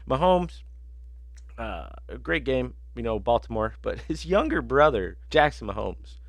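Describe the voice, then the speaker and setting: A man's voice: medium pitch, very animated, unhurried, vocal fry, dry recording. A man hosting a sports betting podcast, telling rambling, profane stories in casual chat with lots of fillers.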